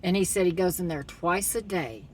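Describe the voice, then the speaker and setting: A woman's voice: fairly low pitch, animated, normal speed, darkish tone, a little hiss or hum. A woman in a casual vlog monologue, retelling a story and giving blunt, critical opinions. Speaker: commentator.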